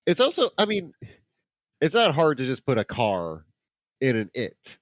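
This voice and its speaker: A man's voice: medium pitch, a little slow, dry recording. A man co-hosting a movie podcast, casually riffing and tossing out jokes. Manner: joking, riffing with deadpan gags. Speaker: podcast co-host.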